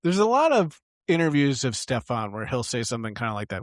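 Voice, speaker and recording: A man co-hosting a podcast, recapping a TV episode in casual, animated chat with plenty of fillers. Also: medium pitch, brisk, no echo. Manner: chatty, animated, lots of fillers. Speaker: podcast co-host.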